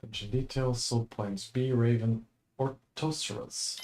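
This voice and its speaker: A young man streams a game with relaxed, rambling commentary. His voice is mellow and warm, at an ordinary pitch. He takes his time, drifting from thought to thought with easy laughs. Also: unhurried, slight background noise. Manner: laid-back, chatty, chuckles often. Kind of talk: casual let's-play commentary.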